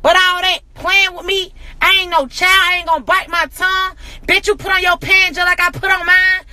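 High, bright, fiery woman ranting. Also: level tone, normal speed, a little hiss or hum. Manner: profane, confrontational, repetitive rhetorical questions. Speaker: social media personality. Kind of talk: angry rant to camera.

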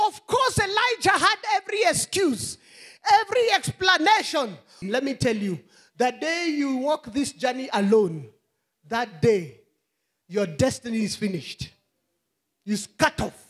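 A woman pastor delivers a fiery sermon in a high, wildly swooping voice. She lingers over her words at an unhurried pace, then bursts into shouts and drops back to low murmurs, punctuating her points with hallelujahs and rhetorical questions. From Kenya. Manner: impassioned preaching, swinging between shouts and low murmurs.

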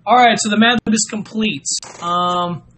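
A man's voice: high voice, moderate pace, a bit bright, rough recording. A man hosting a casual live stream, chatting with viewers and reading out Mad Libs, giggling and stammering often.

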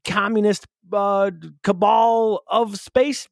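A man chats on a podcast with a slightly high voice, recorded dry and close. He jokes and teases his co-host in a loose, casual way. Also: level tone, slow, dry recording. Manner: joking and teasing. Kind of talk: casual chat.

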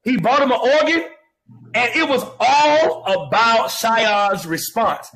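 High-voiced, exuberant male host. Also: sing-song, slow pace, a bit bright, rough recording. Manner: exuberant, exclaims and laughs often. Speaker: host of a live talent show. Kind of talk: excited live show hosting.

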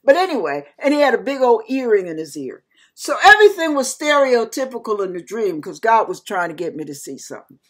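Lively, bright-voiced woman telling a testimony. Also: a little high, fairly quick. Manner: animated, acts out voices in her story, fussy asides. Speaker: ministry host. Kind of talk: testimony storytelling.

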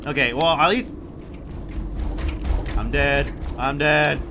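A young man giving gameplay commentary, swinging from hushed muttering to loud, sweary shouting. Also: on the high side, slow, long pauses, a little hiss or hum. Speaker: gaming YouTuber.

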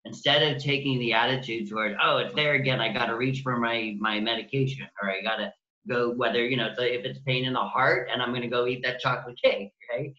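A man speaking as a guest healing practitioner, gentle and compassionate, voicing kind words he would say to his own pain. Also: mid-range voice, fairly even intonation, fairly quick, roomy sound, highs cut off. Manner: gentle, compassionate, acts out inner dialogue. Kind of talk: interview, conversational.

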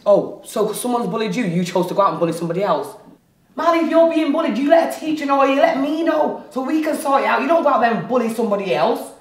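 A woman's voice: mid-range voice, expressive, very fast, hardly any pauses, close to an everyday voice. A teenage girl with a British accent playing a female barbershop owner who scolds the boy she raised. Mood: scolding. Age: teens. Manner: scolding, exasperated. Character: female barbershop owner, stern caring guardian. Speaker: amateur youth actor. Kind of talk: amateur drama acting. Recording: roomy, echoey room with faint noise.

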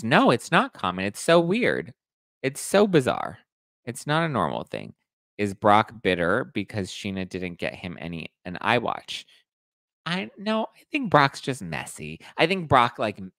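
A man hosting a casual gossip recap, sassy and self-mocking. His fairly low voice swoops up and down with lots of expression. He is on a close mic in a dry room. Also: no echo. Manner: sassy, animated, self-deprecating. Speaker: podcast host.

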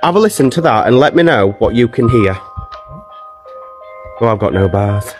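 A man's voice: medium pitch, lively intonation, normal speed, over music. A man hosting a live ghost-hunting stream at a castle, coaxing a spirit to speak and chatting to his viewers through a handheld phone. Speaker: ghost-hunting livestream host. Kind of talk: live paranormal investigation, talking to a spirit and viewers. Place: castle grounds.

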